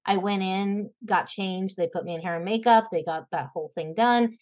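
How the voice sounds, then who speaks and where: A young woman, an actress and podcast guest, chatting casually and telling animated stories, acting out the voices she quotes and laughing often. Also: mid-range voice, normal speed. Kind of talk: casual interview chat.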